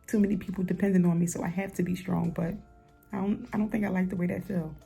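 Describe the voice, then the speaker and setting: A woman's voice: lowish voice, flat delivery, fast talker, gravelly, mellow, husky, faint music behind. A woman rapper speaking frankly and with some profanity in a candid documentary interview. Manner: frank and profane, gets playful and laughs. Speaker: rapper interviewed about her life.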